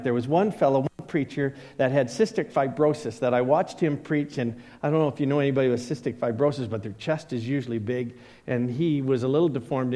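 A man's voice: mid-range voice, mellow, long reverb tail. A middle-aged man preaching a sermon as a pastor, telling personal stories and acting out the voices of people he quotes. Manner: storytelling, acts out quoted voices.

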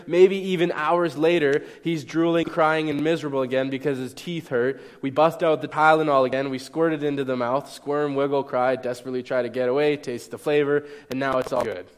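A man's voice: fairly high pitch, a little fast, few pauses. A young man preaching a sermon in a conversational way, often checking in with his listeners. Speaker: pastor. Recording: echoey hall.

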